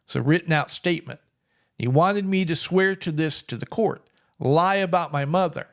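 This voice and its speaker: A man's voice: on the high side, moderate pace, fairly bright tone. A middle-aged man telling a personal story in a plainspoken, wry way. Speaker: vlogger.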